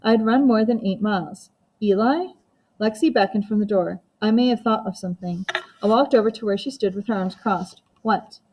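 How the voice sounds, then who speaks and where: A woman reads a first-person novel aloud with steady, even storytelling. Her voice sits at a medium pitch for a woman, and she keeps the narration plain and measured. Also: slight background noise. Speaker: audiobook narrator.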